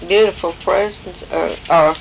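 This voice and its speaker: Woman test taker, lower pitch, halting and unsure, faint room hiss behind. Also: fairly even intonation, vocal fry. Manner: hesitant, searches for words.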